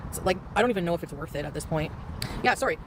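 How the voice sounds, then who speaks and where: A woman rambles through an outdoor livestream from her scooter, complaining about feeling sick and often restarting her sentences. She talks at a rapid clip. Traffic and city noise run loudly behind her. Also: fairly low pitch, expressive. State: nauseous. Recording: clip with loud street noise.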